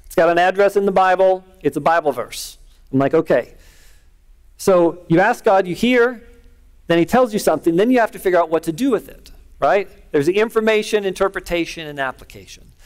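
Middle-aged male pastor, conversational sermon, slightly high voice, earnest storytelling. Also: fairly quick.

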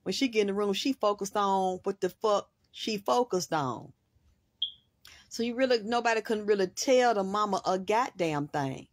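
A woman hosting a spiritual reading, rambling in an excitable monologue and swearing freely in long run-on sentences. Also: mid-range voice, normal speed. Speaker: host, spiritual reader.

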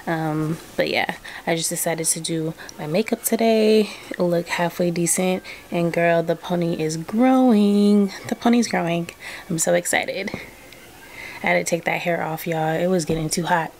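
A woman's voice: lowish voice, a little slow, darkish tone. A young woman from Southern California vlogging at home, chatting casually and laid-back, calling her viewers girl and y'all. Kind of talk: casual chat to camera. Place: at home indoors. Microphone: camera on a stand. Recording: home camera audio with clear room noise.

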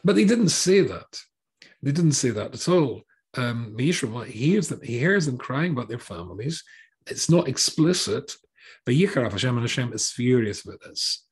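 A rabbi leads a Torah class in a voice of middle pitch that rises and falls freely. He works through the text line by line, stops to restart his phrasing, and slips in dry, sarcastic jokes along the way. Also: sing-song, moderate pace. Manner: wry asides, sarcastic jokes; hesitant restarts while translating.

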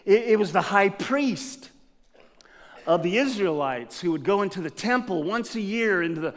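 A man preaching a sermon as pastor, telling a personal story with animated, laughing delivery. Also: high voice, normal speed. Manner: lively storyteller who acts out scenes with laughter. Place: church sanctuary. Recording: long reverb of a church hall.

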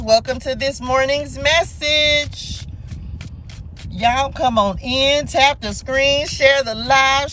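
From her car, a woman hosts a casual live spiritual morning message on a phone stream, exuberant, laughing often and greeting viewers by name. Her voice is high and fairly bright, with slight background noise.

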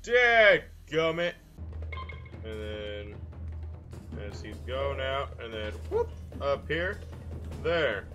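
A man's voice: mid-range voice, expressive, takes it slowly, fairly bright tone, muffled recording, soft background music. A young man casually commenting on his gameplay in a goofy way, full of silly mild exclamations. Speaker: gameplay video host. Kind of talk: casual let's-play commentary.

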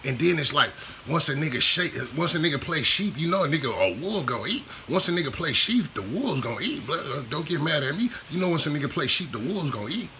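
A man's voice: a little high, lively intonation, fast talker, pushed and bright, a little hiss or hum. A man vlogging a casual commentary rant, profane and repetitive in his street slang.

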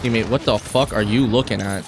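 A young man streaming a shooter game, commenting live with profane, excitable and frustrated outbursts. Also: on the low side, a little fast, noisy background. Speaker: gaming streamer.

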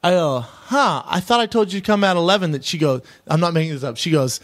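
Man, high pitch, very lively, casual comedic podcast chat, animated storyteller. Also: fast talker, hardly any pauses. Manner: animated storytelling, acts out quoted people. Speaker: podcast co-host.

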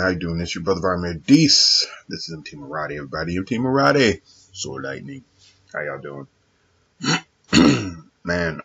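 A man talking to his viewers in a casual, reflective monologue. He is measured and earnest, pausing often with fillers. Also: low-pitched, gravelly, a bit bright, breathy edge, lo-fi sound. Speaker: vlogger addressing his viewers.

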